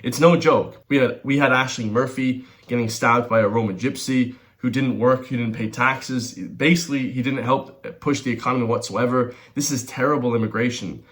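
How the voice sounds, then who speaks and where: A man's voice: mid-range voice, steady tone, normal speed, hardly any pauses, a bit bright. An Irish man hosting a reaction video, commenting in a heated, ranting manner and calling his viewers lads. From Ireland. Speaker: host.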